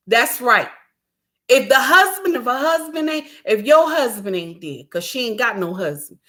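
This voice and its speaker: A woman's voice: a little high, very animated, moderate pace. Fired-up woman preaching social commentary. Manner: preachy, repeats lines for emphasis, shouts at times. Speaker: commentary vlogger. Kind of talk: impassioned social commentary monologue.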